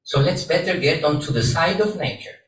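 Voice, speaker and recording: Monk with playful questions in an echoey hall. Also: male voice, a little high, animated, fairly quick, fairly bright tone, recorded from a distance, slight background noise. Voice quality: playful questioning, laughs often, non-native English phrasing. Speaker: monk giving a dharma talk. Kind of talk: sermon. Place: hall with an audience.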